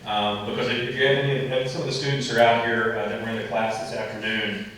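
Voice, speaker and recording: A man with a fairly low voice spins loose, folksy stories for an audience, leaning on fillers and asides. He sounds set back from the mic, and the room throws a heavy echo around every word. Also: flat delivery, fast, fairly bright tone, a little hiss or hum. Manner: folksy, rambling anecdotes with many fillers. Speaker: author speaking at an event. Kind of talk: storytelling talk and Q and A. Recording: roomy echo, voice far from mic.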